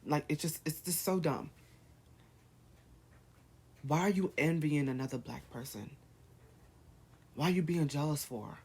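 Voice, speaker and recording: A man's voice: on the high side, measured pace, creaky, pauses often, a little mellow, breathy edge. A man vlogging, firing off heated rhetorical questions in a rant to camera. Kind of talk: ranting to camera.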